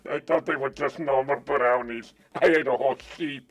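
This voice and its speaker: A man's voice: medium pitch, moderate pace. A man calling into a live show, panicky and insulting. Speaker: caller. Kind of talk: comic bit over a call.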